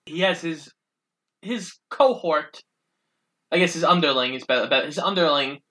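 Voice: medium pitch, normal speed, sharp tone, rough recording. A co-host of a casual film review podcast, steadily recapping the plot with easy asides. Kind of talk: casual chat.

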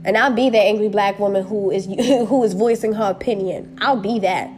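A woman's voice: medium pitch, moderate pace, a little mellow, faint music behind. A woman on a personal video, angrily and bluntly speaking her mind, swearing often and repeating short phrases, upset and hurt. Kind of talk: impassioned personal rant to camera.

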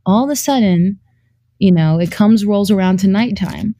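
A young adult woman telling anecdotes in a casual chat, animated and giggly, peppering her speech with "like" and the odd swear word. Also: mid-range voice, moderate pace, no room sound. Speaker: guest storyteller.

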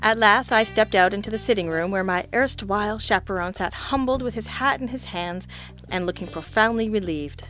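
A woman's voice: mid-range voice, moderate pace, a bit bright, soft background music. A woman narrating a first-person hard-boiled detective story in a wry, sardonic, teasing manner. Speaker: audiobook narrator.

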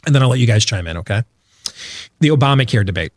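A man's voice: mid-range voice, lively intonation, fast, no room sound. Emphatic man with a dry studio sound. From Iowa, US. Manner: emphatic, repeats phrases for force. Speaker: radio show guest. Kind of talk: opinionated talk-show commentary.

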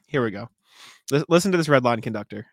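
Animated, laughing young podcast host. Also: male voice, medium pitch, fairly quick, no echo. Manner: animated, laughing storyteller, swears freely. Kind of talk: casual chat.

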